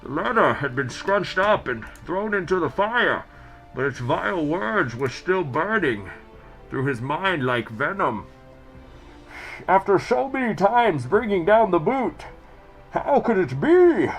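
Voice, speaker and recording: A booming, muffled villain speaks from behind a mask, grandiose and threatening, as a man puts on the voice. He is pitched well above the performer's usual talk, with a strained, altered timbre. Faint music plays underneath. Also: sing-song, slow, a bit bright, exaggerated voice. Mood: menacing. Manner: theatrical, booming, menacing reading. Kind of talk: dramatic reading of game text.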